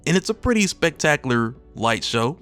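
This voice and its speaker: Male recap host, casual and chatty, very animated delivery. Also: medium pitch, normal speed, clean tone, soft background music. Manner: chatty, laughs at his own asides. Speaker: comic book recap host. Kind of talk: casual comic recap narration.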